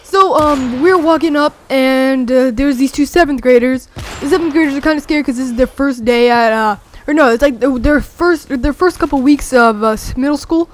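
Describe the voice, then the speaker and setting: High-voiced rambling young teen storyteller. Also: normal speed, slight background noise. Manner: rambling, many fillers, excitable. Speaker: gameplay commentator. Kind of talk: casual storytelling over gameplay.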